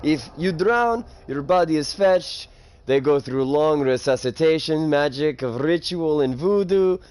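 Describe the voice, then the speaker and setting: A man doing a deadpan foreign braggart. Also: on the high side, unhurried, no room sound, rough recording. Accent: mock foreign accent. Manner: deadpan tall tales in broken English. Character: boastful man from a far-off land, broken English.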